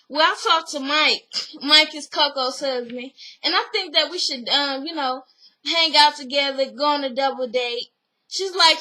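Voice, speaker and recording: A young woman casually recapping a reality show, animated and slangy, acting out what the people said. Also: high-pitched, a little slow, low-quality recording. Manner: animated, slangy, acts out quotes.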